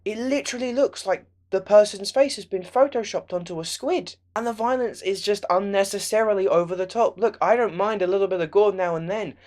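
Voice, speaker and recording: A man's voice: high voice, fairly quick, hardly any pauses, darkish tone. Sarcastic ranting young man. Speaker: film reviewer. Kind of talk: ranting movie review vlog.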